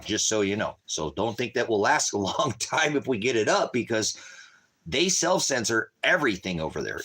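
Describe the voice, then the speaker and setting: A man preaching and chatting on a livestream, rambling and emphatic, dropping to low mutters and rising into outbursts. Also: fairly bright tone. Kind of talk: casual livestream talk to chat.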